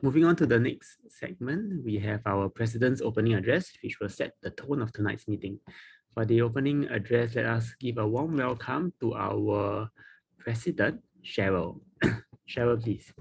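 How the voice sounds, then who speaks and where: A man hosting an online club meeting, introducing speakers in a halting way with restarts and throat clearing. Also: mid-range voice. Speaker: meeting host. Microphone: video call.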